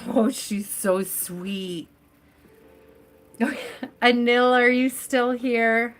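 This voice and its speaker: A woman's voice: on the high side, drawn-out words, soft background music. A woman hosting a live tarot reading stream, chatting casually and addressing viewers by name as she reads.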